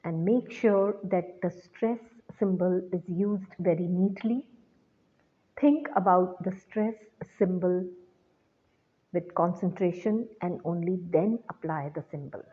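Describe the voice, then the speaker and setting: A woman teacher giving a recorded lecture, explaining slowly and deliberately to students. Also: on the low side. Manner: slow, deliberate classroom explanation. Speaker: English teacher. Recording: tinny phone-like sound.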